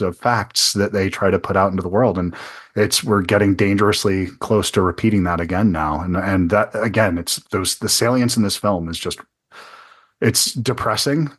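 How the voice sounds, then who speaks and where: Male podcast host, earnest, thinks out loud and restarts sentences, lowish voice. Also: slightly rough. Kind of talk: casual interview conversation.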